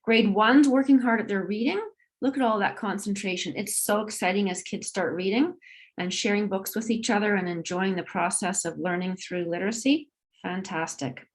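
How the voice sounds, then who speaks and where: A woman's voice: mid-range voice, moderate pace. A middle-aged woman on a video call, presenting a school assembly in an upbeat, encouraging way. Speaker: school administrator hosting an assembly.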